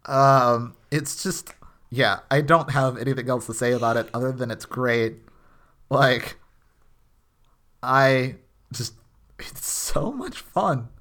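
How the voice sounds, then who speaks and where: A man's voice: mid-range voice, fairly even intonation, slow pace, long pauses, fairly bright tone. A man co-hosting a podcast, recapping a TV episode in a rambling, casual way with many restarts. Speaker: podcast co-host. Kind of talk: casual chat.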